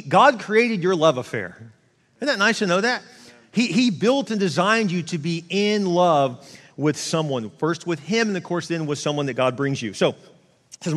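A man preaching a sermon, his voice sitting high for a man. He talks casually and conversationally, stumbling into restarts and slipping into quoted asides. The sound carries a long reverb, as if from a large church hall. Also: fairly bright tone. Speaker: pastor.

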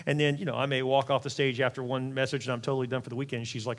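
A middle-aged man, a pastor, preaching an animated, conversational sermon with quick asides in a large church auditorium. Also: mid-range voice. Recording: long hall reverb.

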